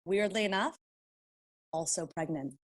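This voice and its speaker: A woman in her thirties from Canada, a guest actor telling a story in a casual interview and acting out quotes with big jumps in pitch. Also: a little slow.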